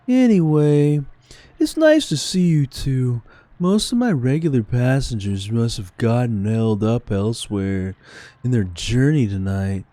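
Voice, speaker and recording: A man voicing an easygoing male ferry captain, reading video game dialogue aloud slowly. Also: medium pitch, mellow, no room sound, pitched above the performer's own voice. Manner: slow, unhurried reading of dialogue.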